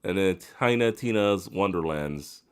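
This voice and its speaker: Male podcast host, very deep voice, easygoing delivery with lots of ums. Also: expressive, unhurried, clear, resonant tone. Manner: laid-back, reads release list with fillers. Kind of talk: casual chat.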